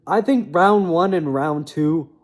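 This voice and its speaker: A man's voice: a little high, takes it slowly. A young man giving a casual, rambling, opinionated recap of fight results, often trailing off into mumbles. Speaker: MMA commentator.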